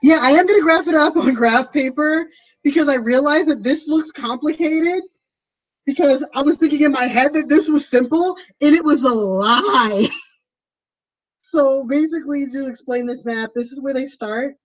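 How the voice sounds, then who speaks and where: Casual female streamer, a touch high-pitched, rambling and friendly to camera. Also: normal speed, low-quality recording. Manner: rambling, chatty, many fillers. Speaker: streamer planning a tabletop game. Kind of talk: casual chat to viewers. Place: at home.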